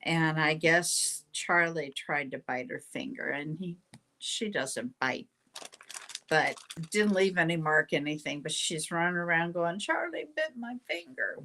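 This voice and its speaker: An older woman hosts a casual tarot reading in an unhurried, drawn-out way. Her voice sits a little low, and she chats, rambles and breaks off her own sentences. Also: pushed and bright, slight background noise. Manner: chatty, rambling, self-interrupting. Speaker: tarot reader, show host.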